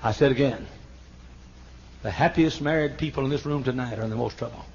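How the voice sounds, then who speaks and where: An older man preaching a sermon in a church, emphatic, stammering into repeats and rising to sudden shouts. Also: mid-range voice, fairly quick, a little hiss or hum. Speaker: pastor. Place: large church auditorium. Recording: dull lo-fi archival sermon tape.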